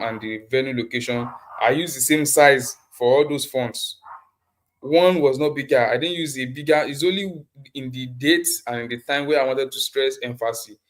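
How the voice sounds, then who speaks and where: A man teaching a live online design class over a computer mic, often repeating himself and asking the class questions. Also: medium pitch. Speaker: design instructor.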